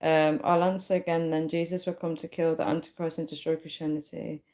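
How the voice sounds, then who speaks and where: A woman's voice: low voice, flat delivery, fairly quick, mellow. Giggly woman chatting on a livestream. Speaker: livestream host. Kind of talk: casual live chat reading comments.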